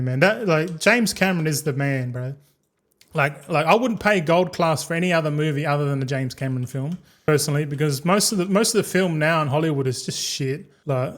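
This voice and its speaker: A young man telling a long, rambling story as a streamer, repeating words and swearing casually. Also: on the high side.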